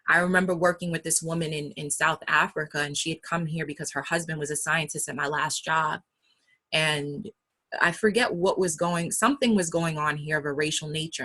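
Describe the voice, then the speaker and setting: A woman's voice: deep voice, steady tone, moderate pace, a bit bright. A woman with a New York accent speaking frankly and emphatically in a casual talk about public speaking. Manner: candid and emphatic.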